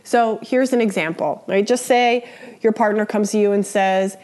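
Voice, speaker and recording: A woman's voice: medium pitch, steady tone, measured pace, a little mellow. A woman teaching a lesson on relationships, explaining in a conversational way, checking in often with "right?" and acting out example quotes in a raised voice. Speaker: relationship educator. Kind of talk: spoken lecture on relationships.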